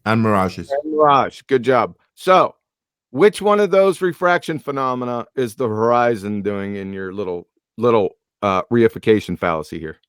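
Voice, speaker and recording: A man's voice: medium pitch, expressive, normal speed, clean tone, no echo. A man hosting a live stream who debates bluntly, quizzing his caller with sarcasm. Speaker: stream host. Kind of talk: casual debate.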